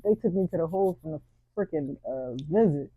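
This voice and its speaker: A woman hosting a casual chat, a relaxed storyteller who laughs often. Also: sits low, brisk, narrow, tinny audio, crowd noise.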